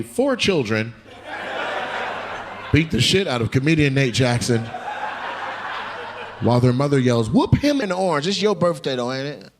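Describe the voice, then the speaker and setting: Brash, lively stand-up comedian roasting the crowd. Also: male voice, mid-range voice. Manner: brash, profane teasing of audience members. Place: comedy club stage. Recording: noisy live club recording.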